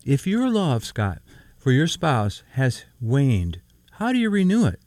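A man's voice: medium pitch, unhurried, dry recording, clean studio sound. A middle-aged man co-hosting a casual Christian radio talk show, laughing easily and reading Scripture aloud. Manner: lively, laughs often, reads Scripture aloud. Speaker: co-host.

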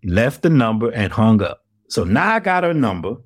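A man spins a long story in an interview, acting out the people he quotes. His pitch swings widely as he goes. The recording is very dry and close. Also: moderate pace, husky, dry recording. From Atlanta, US South. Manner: animated storyteller who acts out the people he quotes. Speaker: investigative reporter, guest.

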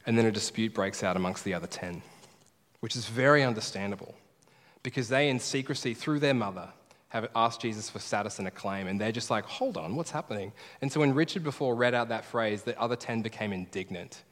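Guy preaching in a church, hits the big lines slow and heavy, lots of hall echo. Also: lowish voice, a bit bright. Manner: emphatic, repeats key phrases slowly. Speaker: pastor. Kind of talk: sermon. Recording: preaching in a large reverberant hall.

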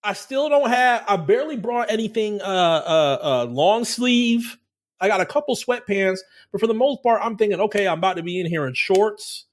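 Casual, profane man with a high voice. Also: animated, normal speed. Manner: loose and profane, acts out quoted voices deep and low. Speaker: podcast co-host. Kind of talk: casual chat.

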